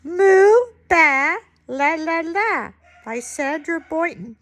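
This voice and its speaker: An older woman, a grandmother, reading a picture book aloud to a small child in a gentle, sing-song way. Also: very high voice, animated, slow pace, few pauses. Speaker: grandmother puppeteer.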